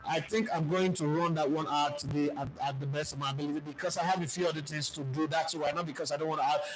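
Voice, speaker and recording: Young Nigerian-accented man, high voice, football live-stream host, emphatic and argumentative. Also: fairly even intonation, quick pace, noisy background. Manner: emphatic, argumentative, slips into pidgin. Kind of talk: live-stream football talk and comment reading.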